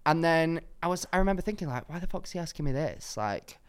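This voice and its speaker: A woman's voice: low voice, lively intonation, fast, clean tone. A young woman, telling stories in a casual podcast chat. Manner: chatty, storytelling, giggly. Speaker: podcast co-host.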